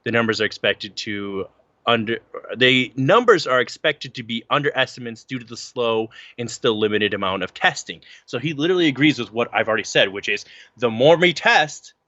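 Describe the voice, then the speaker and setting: With a mid-range voice and a brisk pace, a man co-hosts a casual podcast in a dry, dull-sounding recording. He reads articles aloud and chats animatedly, stumbling over words while reading.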